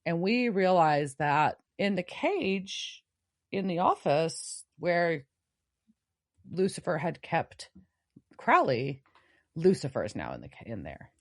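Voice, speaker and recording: A woman's voice: on the low side, sing-song, takes it slowly. A woman co-hosting a podcast, animatedly retelling a TV episode and acting out the lines, swearing freely. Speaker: podcast co-host. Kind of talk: casual chat recapping a TV episode.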